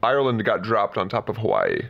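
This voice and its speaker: A man's voice: lowish voice, huge pitch swings, brisk, creaky, highs cut off. Male podcast co-host, casual joking banter. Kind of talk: casual chat.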